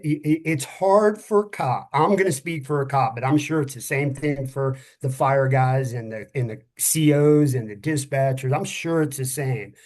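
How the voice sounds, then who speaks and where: A middle-aged man, a former police officer, talking frankly and a little tiredly, often pausing to find his words and swearing casually. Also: mid-range voice, darkish tone. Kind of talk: candid conversational podcast talk.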